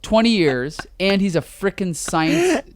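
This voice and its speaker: A man co-hosting a podcast, chatting casually and critically about comics with an exasperated, animated manner. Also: sits high, a little slow. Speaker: podcast co-host. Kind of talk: casual comic review chat.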